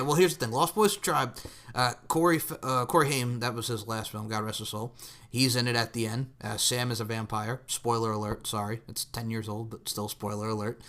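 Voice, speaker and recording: A man's voice: mid-range voice, bright, forceful tone. A man hosting a podcast in casual chat, joking and rambling as he talks. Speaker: podcast host.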